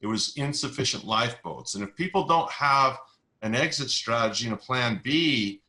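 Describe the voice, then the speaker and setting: A man's voice: medium pitch, animated, normal speed, sharp tone, poor audio. A middle-aged man in an interview, explaining investing ideas with analogies and stories and repeating key words for emphasis. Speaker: investing educator, interview guest. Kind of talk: conversational explanation.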